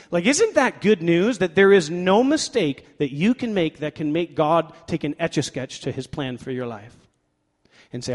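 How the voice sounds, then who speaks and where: A man's voice: a little high, moderate pace. Man preaching in a reverberant church. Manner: lively preaching, swinging from loud emphatic bursts to quiet asides; conversational with fillers like "like" and playful self-talk. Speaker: pastor. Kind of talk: sermon. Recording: long reverb of a large hall.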